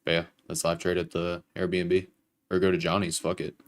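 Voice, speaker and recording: Man, young, low voice, casual and profane, livestream trading host. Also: monotone, normal speed. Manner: casual and profane, explains trades to chat.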